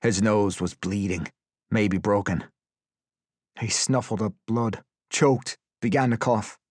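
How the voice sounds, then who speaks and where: A man's voice: lowish voice, fairly even intonation, slow, slightly rough, no room sound. A man reading a tense story aloud as an audiobook narrator, with intense, vivid storytelling. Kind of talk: scripted dramatic narration.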